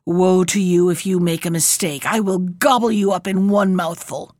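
A woman voicing a furious, cruel old witch who shouts threats in a storybook reading. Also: lowish voice, fairly even intonation, normal speed, dry recording, studio quality, voice pushed down, natural voice. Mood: menacing. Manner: shouting threats, gnashing menace.

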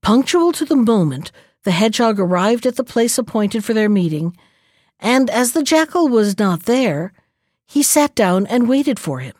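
A woman reading a fairy tale aloud in a calm, even storybook manner. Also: on the high side, moderate pace, no echo, studio quality.

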